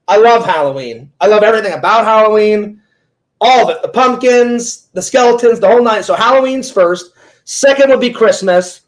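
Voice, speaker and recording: A talkative man interviewing a fellow streamer in casual chat, rambling through stories with many "like"s and "he goes"s. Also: sits high.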